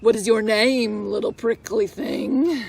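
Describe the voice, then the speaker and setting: A woman voicing a big, boisterous male rhinoceros in a storybook read-aloud, with a gruff, growling voice. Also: on the high side, steady tone, takes it slowly, a little mellow, pitched below the performer's own voice, exaggerated voice.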